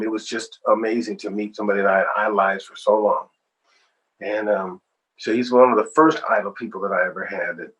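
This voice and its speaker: A man, a singer-songwriter, being interviewed and telling stories in an animated, expressive way. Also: on the low side, breathy edge, poor audio. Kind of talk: storytelling interview.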